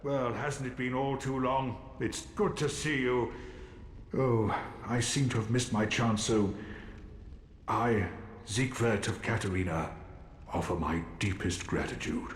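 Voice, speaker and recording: An actor playing a jovial, kindly knight with a hearty, theatrical manner in a game. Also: male voice, medium pitch, unhurried, slight background noise, close to an everyday voice. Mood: cheerful. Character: jovial onion-armored male knight, hearty and kind. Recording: game audio in a roomy, echoing hall.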